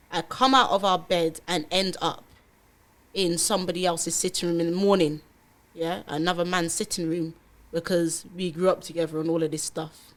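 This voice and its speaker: A young woman, a podcast guest telling her life story in a lively way and acting out past conversations. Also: fairly low pitch. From London. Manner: animated storytelling, acts out her own past dialogue. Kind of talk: candid podcast interview.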